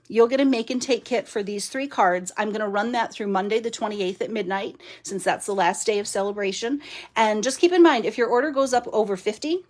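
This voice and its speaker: Woman host for a home craft live stream: chatty, laughs a lot, drifts off topic easily. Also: medium pitch. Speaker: stamping and card-making demonstrator. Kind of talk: casual live-stream chat.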